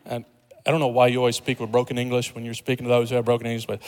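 A man's voice: medium pitch, fairly even intonation, very fast. A man preaching a sermon in a conversational, humorous way, building to emphatic points. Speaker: pastor. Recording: long hall reverb.

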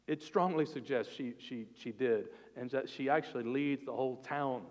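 Pastor guy preaching, earnest, goes quiet and close sometimes, big hall echo. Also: medium pitch. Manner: earnest, expressive preaching, drops to a soft intimate tone at key moments. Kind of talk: sermon. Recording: long reverb of a hall.

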